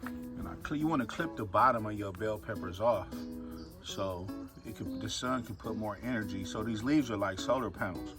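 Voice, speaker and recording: Relaxed low-voiced man touring his garden. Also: moderate pace. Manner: relaxed, chatty, addresses viewers as y'all, many fillers. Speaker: home gardener giving a garden tour. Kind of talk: casual walk-through narration. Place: outdoors in a home garden. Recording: music playing clearly behind the voice.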